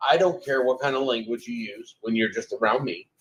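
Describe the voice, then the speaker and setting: A man chats casually among friends, joking and teasing. His voice is mid-pitched and plain. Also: fairly quick, fairly bright tone, low-quality recording. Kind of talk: casual chat.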